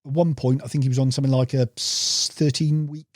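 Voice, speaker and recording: Fast-talking angler man. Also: mid-range voice, little pitch movement, no room sound, clean studio sound. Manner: rambling anecdotes, says "mate" a lot. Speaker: podcast guest, carp angler. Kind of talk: casual storytelling interview.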